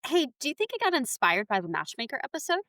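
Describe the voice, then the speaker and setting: Lively woman podcast co-host. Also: high voice, quick pace, no echo. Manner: animated storyteller, laughs often. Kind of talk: casual chat.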